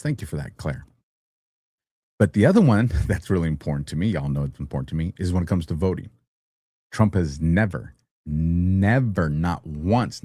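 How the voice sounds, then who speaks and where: A man's voice: deep voice, a little mellow, no room sound, clean studio sound. A man hosting a livestream show, talking casually and animatedly, teasing his chat and laughing often. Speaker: host.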